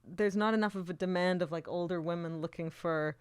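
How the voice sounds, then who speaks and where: A woman co-hosting a podcast who talks in giggly, hedging fragments and thinks out loud. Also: on the low side, brisk, clear, resonant tone, no echo, studio quality. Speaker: podcast co-host. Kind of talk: casual chat.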